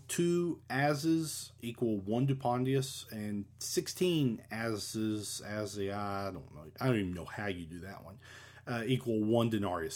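A man's voice: fairly low pitch, a little mellow. A man giving a casual, rambling lesson on ancient coins, with many fillers and restarts. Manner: rambling, many fillers, self-deprecating about Latin pronunciation. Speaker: coin collector explaining ancient money.

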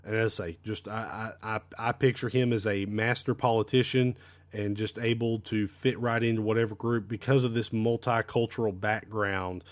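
A man's voice: lowish voice, steady tone, normal speed. A man teaching an unscripted Bible lesson, talking with frequent fillers and repeated words.

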